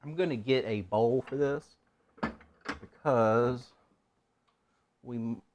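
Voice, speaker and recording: A man's voice: mid-range voice, slow, lo-fi sound, background noise. A man talking his way through a cooking stream, his voice sitting in an ordinary middle range. He rambles and mutters to himself as he works at the stove in a home kitchen. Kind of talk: casual cooking stream chatter.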